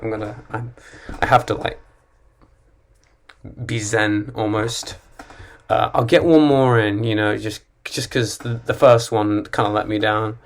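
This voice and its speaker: A man's voice: on the low side, steady tone, unhurried. A young man reading stand-up jokes for his channel, giggling and stopping to redo bits. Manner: giggly, self-interrupting, restarts bits. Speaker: beginner YouTuber doing stand-up. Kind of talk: casual stand-up reading with asides.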